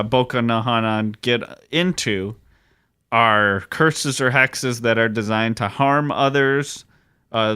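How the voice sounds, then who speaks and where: A man's voice: medium pitch, bright, forceful tone, clean tone, no room sound. Male podcast co-host, mid-range voice, casual history explainer, dry close mic. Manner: conversational, hesitant fillers.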